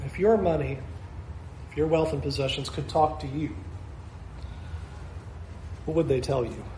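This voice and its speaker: A man's voice: on the high side, measured pace, dark tone, echoey room, a little hiss or hum. A man preaching a sermon as pastor, earnest and repetitive, asking his listeners question after question.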